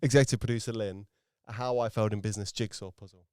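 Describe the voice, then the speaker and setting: A man's voice: fairly low pitch, fairly even intonation, racing, darkish tone, smooth, no room sound, clean studio sound. A man hosting a casual podcast, teasing his co-host and laughing often.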